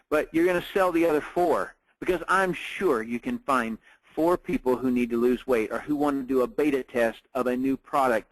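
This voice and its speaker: A middle-aged man leads a business training webinar, talking casually and slipping into stories, full of "uh"s and restarts. His voice sits at an ordinary middle pitch. The sound is close and dry. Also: no echo, rough recording. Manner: casual, storytelling with many fillers. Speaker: network marketing trainer.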